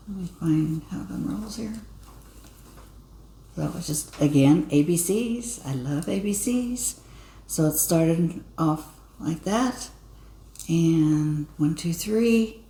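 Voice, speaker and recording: A woman's voice: sits low, takes it slowly, pauses often, warm tone. A woman co-hosting a casual craft chat, talkative, with restarts and little laughs. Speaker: co-host. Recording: echoey room with faint noise.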